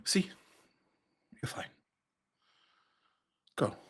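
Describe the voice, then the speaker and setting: A woman voicing a smooth, flirty rescuer in a tabletop game, lifting her deep voice into a high, sing-song tone. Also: drawn-out words. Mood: brisk. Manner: sing-song charm, sudden high lift.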